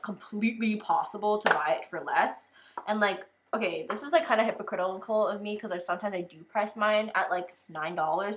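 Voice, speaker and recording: A young woman chats through an unboxing in a loose, rambling way, with "like" dropped into almost every phrase. Her voice sits at an ordinary middle pitch. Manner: chatty, fills with "like" constantly. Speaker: vlogger. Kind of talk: casual unboxing chat.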